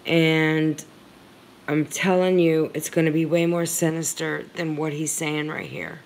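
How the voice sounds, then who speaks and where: A woman commentating on a livestream, her voice low and steady in pitch with little rise and fall. She speaks slowly and earnestly, leaning hard on her points. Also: gravelly, slight background noise. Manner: earnest, heartfelt, emphatic.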